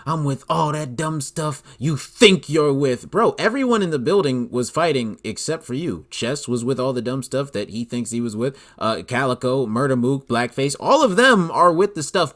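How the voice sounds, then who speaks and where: A man hosting a solo commentary podcast, talking in an animated, incredulous way and filling his speech with "like". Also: medium pitch. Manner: animated, incredulous, leans heavily on "like". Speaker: podcast host.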